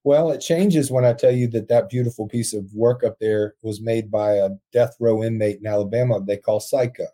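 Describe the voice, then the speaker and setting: A man telling an emotional story as a podcast guest, earnest and quick to laugh. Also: medium pitch, mellow. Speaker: podcast guest, prison ministry founder. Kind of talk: storytelling in conversation.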